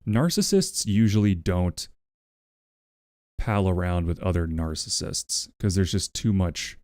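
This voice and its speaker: A man's voice: low voice, animated, unhurried, a little mellow, no room sound, clean studio sound. A man casually chatting with his stream audience, rambling and wry, swearing freely and talking to his pet. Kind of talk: casual livestream chat with a co-working audience.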